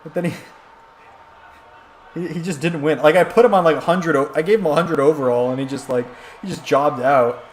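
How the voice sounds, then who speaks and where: A fairly high-voiced man briskly commentates a wrestling video game on a live stream, loose, rambling, and jokey, breaking into excited play-by-play. A clear hum of background noise runs underneath.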